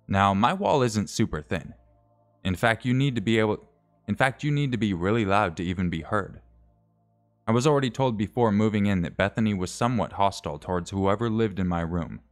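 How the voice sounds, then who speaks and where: Low-voiced guy reading a creepy story on stream, casual, fixes his slips as he goes. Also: lively intonation, normal speed. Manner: casual reading with self-corrections and wry asides. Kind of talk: reading a scary story aloud.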